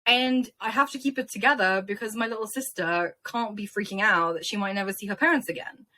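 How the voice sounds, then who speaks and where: A young woman from Ukraine, interviewed as a guest, retelling events in an animated, emotional way. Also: medium pitch, fairly quick. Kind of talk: casual interview storytelling.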